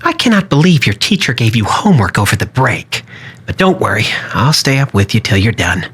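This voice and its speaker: A woman's voice: extremely low pitch, big pitch swings, fairly quick, breathy edge, heavily acted. A woman voicing a doting mother pet who soothes her young.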